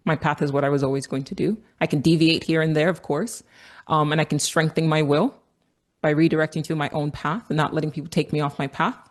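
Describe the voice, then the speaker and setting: A woman's voice: low voice, steady tone, fast. A woman from Nigeria telling a story in an earnest, reflective monologue. She repeats phrases for emphasis and swears casually. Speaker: vlogger. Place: outdoors on a walk.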